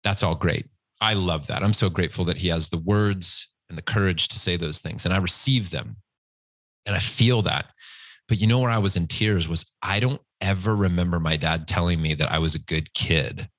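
Guest, male, 40s: emotional, earnest storyteller, bright forceful tone, dry close sound. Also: deep voice, normal speed, no room sound. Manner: emotional, earnest, acts out quotes. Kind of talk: candid personal storytelling.

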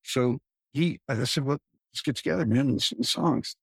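Husky man reflecting on sessions. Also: mid-range voice, moderate pace, no echo, clean studio sound. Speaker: guest, record producer. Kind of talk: casual interview.

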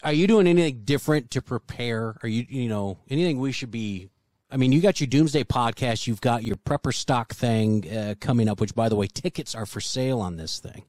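A man's voice: mid-range voice, fairly quick, darkish tone, no room sound. Man teasing his co-hosts with crude jokes. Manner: joking, teasing, swears freely. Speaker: podcast co-host. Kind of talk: crude casual banter.

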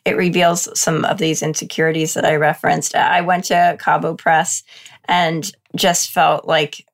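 Middle-aged female podcast guest, low gravelly voice, candid and self-deprecating. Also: flat delivery, a little slow. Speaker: podcast guest, freelance marketer. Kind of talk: casual podcast interview.

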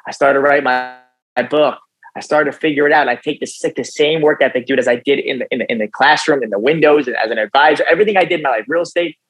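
A young man, a guest on a podcast, telling his personal story in a casual, animated way, often tossing in "dude" and "right?". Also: mid-range voice, fast talker, low-quality recording. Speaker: podcast guest, youth motivational speaker.

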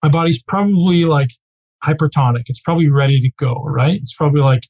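A man teaching a live group as a coach, speaking casually and emphatically, often checking in with a quick "right?". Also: a little high, darkish tone, rough recording.

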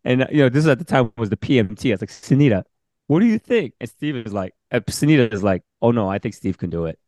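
Speaking at a quick pace in a mid-range voice, a podcast host who is also a senior pastor relates a story in an interview. His delivery is casual and animated, and he acts out each quoted voice. The studio sound is clean with no echo.

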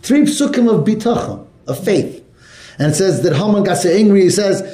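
Guy giving a torah class, high mellow voice, lively storytelling, echoey classroom. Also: normal speed. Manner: animated, asks the class questions, mixes Hebrew and Yiddish terms. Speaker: Torah teacher.

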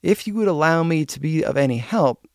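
A man voicing a gentle, kindly elderly bishop who speaks calmly and softly. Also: a little high, vocal fry, no echo, studio quality. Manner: gentle, measured. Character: gentle elderly male bishop, calm and kind.

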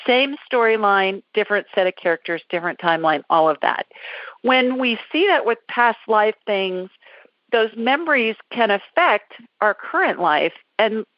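A woman's voice: medium pitch, no room sound. A woman hosting a call-in psychic show, talking callers through what she does in a reassuring, chatty way. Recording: dull, dry lo-fi call audio.

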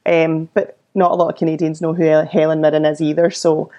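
A woman's voice: low-pitched, level tone, brisk, warm tone, lo-fi sound. A Scottish woman in her thirties, chatting as a podcast guest and acting out the voices of people in her stories. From Scotland. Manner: chatty storyteller who acts out quoted voices. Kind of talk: casual interview chat.

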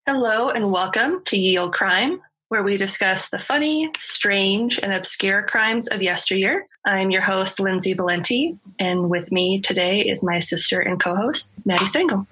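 A woman podcast host with a bright, husky voice, chatting casually and cheerfully. She talks in an upbeat, easygoing way with her co-host. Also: medium pitch, measured pace, hardly any pauses.

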